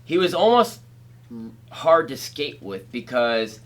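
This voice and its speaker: A man's voice: fairly high pitch, takes it slowly. A man from Pennsylvania, a former skateboarder, telling casual stories as a guest in a skate shop and acting out the people in them. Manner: animated, acts out voices in his stories. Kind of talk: casual storytelling.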